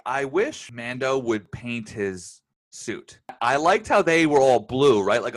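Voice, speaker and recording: A man's voice: medium pitch, lively intonation, slow pace. A man co-hosting a casual review podcast, easygoing and enthusiastic. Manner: easygoing, enthusiastic, laughs often. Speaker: podcast co-host reviewing a TV episode. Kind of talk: casual chat.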